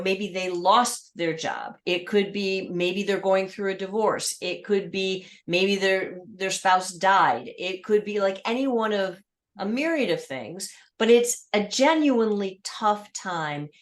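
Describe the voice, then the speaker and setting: A woman's voice: medium pitch, slow. A woman hosting a podcast, asking follow-up questions built from long lists of everyday examples. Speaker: podcast host. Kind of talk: conversational interview.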